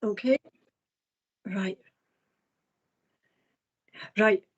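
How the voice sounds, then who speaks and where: A woman's voice: medium pitch, very slow, slight background noise. A woman co-hosting a live psychic show, chatting in a jokey, upbeat way. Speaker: co-host psychic. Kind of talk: live online show, casual chat. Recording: dull lo-fi stream audio.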